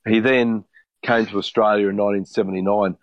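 A man's voice: fairly low pitch, fairly even intonation, fairly quick, no echo. A man in his fifties from New Zealand, telling long rambling stories in a casual chat, with frequent restarts and swearing. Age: 50s. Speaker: podcast co-host. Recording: dry, muffled podcast audio.

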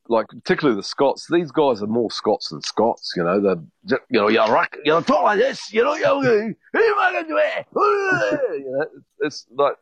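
A man's voice: lowish voice, dry recording. A man in his fifties from New Zealand, telling long rambling stories in a casual chat, with frequent restarts and swearing. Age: 50s. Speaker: podcast co-host. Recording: dry, muffled podcast audio.

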